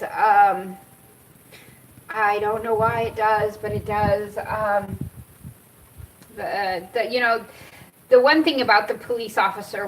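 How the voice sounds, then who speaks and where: Middle-aged woman vlogger, rambling and emotional, laughs a lot, high voice, distant outdoor camera mic. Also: a bit bright, a little hiss or hum. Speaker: cannabis and cancer vlogger. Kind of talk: rambling personal storytelling. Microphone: camera set up nearby.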